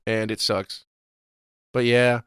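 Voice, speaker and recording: A young man co-hosting a podcast, talking fast and opinionated in casual profane chat. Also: mid-range voice, level tone, a bit bright, smooth, dry recording, studio quality. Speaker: podcast co-host.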